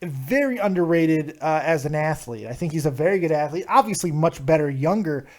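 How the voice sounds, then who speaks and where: High-voiced excitable call-in host. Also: male voice, brisk. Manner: excitable, swears, talks over callers. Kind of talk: live call-in wrestling review.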